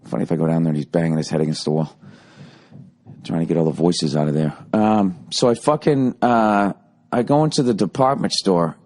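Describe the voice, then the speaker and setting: Man, solo podcast host, profane and rambling, jumps between loud rants and low mutters. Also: a little fast. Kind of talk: solo comedic monologue.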